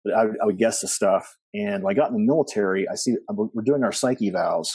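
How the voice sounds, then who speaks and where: Middle-aged male podcast guest, rambling storyteller, low and mellow voice, husky and dry. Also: quick pace, no room sound. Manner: rambling with many fillers and restarts, animated quoting. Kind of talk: storytelling interview.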